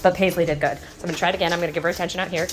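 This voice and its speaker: A dog trainer in her thirties films a casual instructional vlog at home, walking from room to room to show how she trains her dogs. She races through her words with fairly even intonation, loose fillers, and restarts, switching to sweet, high baby talk for the dogs.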